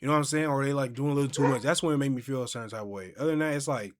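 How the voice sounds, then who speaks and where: A man's voice: mid-range voice, rapid-fire, noisy background. A man hosting a casual podcast chat, telling stories and acting out what people say. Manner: animated storyteller, acts out quotes. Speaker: podcast host.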